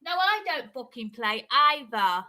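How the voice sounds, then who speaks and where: Angry, swearing woman guest with a high, piercing voice. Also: very animated, unhurried, sharp tone. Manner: angry, profane, defensive. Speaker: panel guest. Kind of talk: heated livestream argument.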